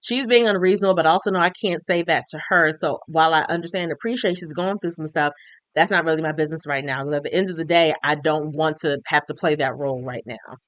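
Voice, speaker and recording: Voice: mid-range voice, fast talker, fairly bright tone, no room sound. A recap vlogger talking casually about a TV episode, chatty and slangy, and briefly acting out the characters' lines.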